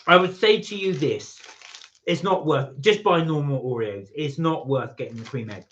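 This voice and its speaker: A chatty man with a fairly high voice talks through a casual live stream. He rambles, reads viewer messages aloud and reacts as he goes. The stream audio is muffled and lo-fi. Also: moderate pace, a bit bright, slight background noise.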